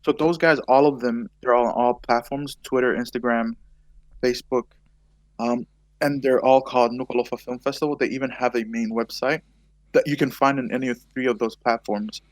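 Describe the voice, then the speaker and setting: A man's voice: medium pitch, fairly even intonation, brisk, dry recording. A young man from Tonga, a guest on a podcast, talking casually and hesitantly with frequent fillers. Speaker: podcast guest, filmmaker and photographer. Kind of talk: casual chat.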